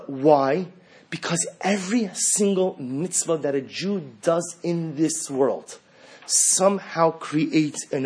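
A man giving a sermon as a rabbi. He reads religious sources and then explains them in English, and he rises sharply in pitch and volume when he acts out quotes. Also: breathy edge. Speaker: rabbi teaching Torah.

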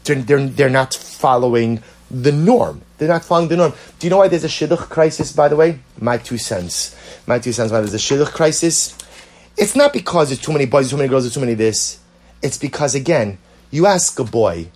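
A man's voice: fairly high pitch, sing-song, fast, a little mellow, slightly rough. A man teaching a Torah lecture, emphatic and repetitive, asking rhetorical questions. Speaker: rabbi.

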